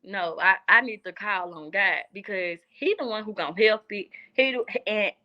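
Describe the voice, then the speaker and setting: A guest in a casual chat, this young adult woman speaks with a Southern US accent in a bright, forceful mid-range voice at normal speed. She's earnest and repeats phrases to drive points home, though the recording is muffled.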